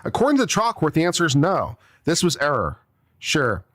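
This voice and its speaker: Sarcastic, exasperated male attorney, lively pitch. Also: fairly quick. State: coughing now and then. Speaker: attorney commentator. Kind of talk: reading and reacting to a legal brief.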